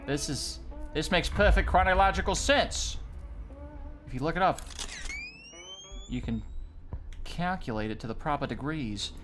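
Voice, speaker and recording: A man playing a horror game on video, joking, swearing and reacting loudly to scares. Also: a little high, measured pace, long pauses, music in the background. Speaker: gaming video host. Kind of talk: horror game let's play commentary. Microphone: desk mic with facecam.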